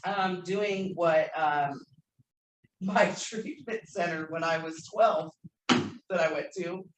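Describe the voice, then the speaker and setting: A woman's voice: on the low side, slow pace. A woman speaking candidly at a recovery convention workshop, emotional and self-deprecating, with some swearing. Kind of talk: personal recovery share. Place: convention meeting room. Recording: echoey room, faint noise.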